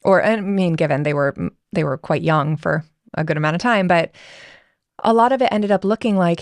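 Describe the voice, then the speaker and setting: A woman's voice: mid-range voice, brisk, no room sound, studio quality. A woman coach and parent, speaking reflectively in a podcast interview and acting out small dialogue examples. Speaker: guest, communication coach.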